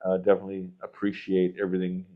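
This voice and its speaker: A man with a low voice hosts a podcast, telling long, meandering road stories in a relaxed, chatty way. He chuckles along as he goes, and the recording sounds dull and lo-fi. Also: fast talker. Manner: rambling anecdotal storyteller, chuckles. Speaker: podcast host. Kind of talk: casual podcast chat.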